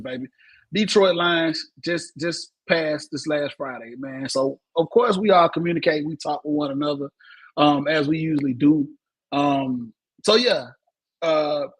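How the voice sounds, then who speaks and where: Husky, high-voiced host. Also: male voice, low-quality recording. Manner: energetic, tags "man" onto most phrases. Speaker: podcast host. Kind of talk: casual sports talk.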